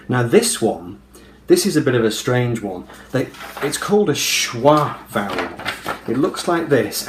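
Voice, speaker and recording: A man giving a casual, methodical pronunciation lesson to camera, repeating example words with hard emphasis. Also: mid-range voice. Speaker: video creator explaining pronunciation. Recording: echoey room with faint background hum.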